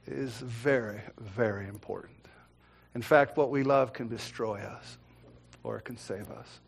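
High pitched preacher guy giving a sermon, gets loud then drops real quiet. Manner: preaches with wide swings from loud emphasis to hushed tones.

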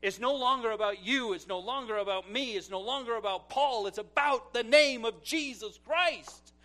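High-voiced male pastor preaching dramatically. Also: normal speed. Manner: dramatic swings from loud exclamations to hushed asides, storytelling with acted quotes. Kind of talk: sermon.

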